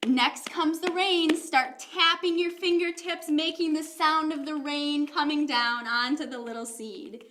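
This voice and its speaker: A young woman leading a toddler yoga lesson, talking in a gentle, encouraging, sing-song way to small children. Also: sits high, unhurried, hardly any pauses, noisy background. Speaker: kids' yoga teacher.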